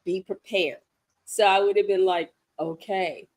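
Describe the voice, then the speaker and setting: A woman co-hosting a casual chat, animated and laughing often. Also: medium pitch, unhurried. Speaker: co-host.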